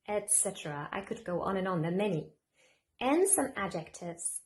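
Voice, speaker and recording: A woman reading out lists of example words one at a time, slowly and deliberately. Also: medium pitch, expressive, darkish tone. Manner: slow, deliberate listing of single words.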